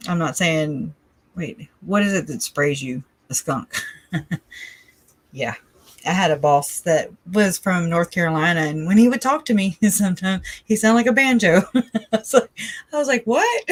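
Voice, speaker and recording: A woman from the Southern United States hosts a casual livestream, rambling and chatty and often laughing between thoughts. Her voice is fairly low in pitch, with no room sound.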